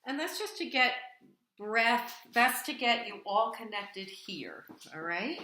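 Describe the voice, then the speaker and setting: A woman's voice: fairly high pitch, expressive, takes it slowly, slight background noise. A woman voice teacher giving a singing lesson over video, coaxing her student with pet names and sung demonstrations. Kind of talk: online singing lesson, demonstrating vocal exercises. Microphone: camera framed at chest height. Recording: echoey room with loud piano.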